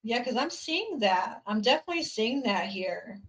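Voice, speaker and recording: A woman reads tarot cards for her viewers in a bright, clear voice. She speaks earnestly and emotionally, close to tears, and keeps repeating her words of encouragement. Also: a little high, sing-song, moderate pace, poor audio. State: teary, near crying. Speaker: tarot reader. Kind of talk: live tarot reading to viewers.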